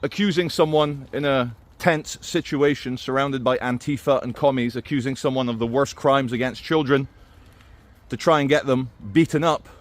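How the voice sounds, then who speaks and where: A man talking straight to camera in a loose, rambling way, stopping and restarting as he goes. His voice sits at an ordinary, middle pitch, and he drops in dry little asides between his points. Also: moderate pace. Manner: rambling, stops and restarts, many "uh" fillers. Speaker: vlogger. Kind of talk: casual commentary to camera.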